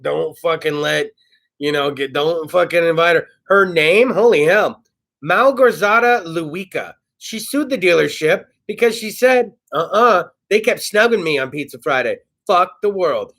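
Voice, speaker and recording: Man, talk-show host, high voice, very lively pitch, profane, brash storytelling. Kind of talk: casual comedic chat.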